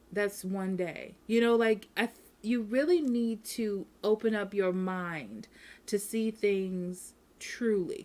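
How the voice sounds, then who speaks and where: A woman's voice: medium pitch, darkish tone. A woman giving a casual tarot reading at home, speaking frankly and repeating herself, often checking in with "okay?". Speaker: tarot reader.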